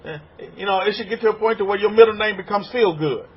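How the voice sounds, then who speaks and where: A fairly high, husky male voice preaches with animated swings in pitch and loudness. The recording is dull and lo-fi. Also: fast. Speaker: rabbi. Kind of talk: sermon.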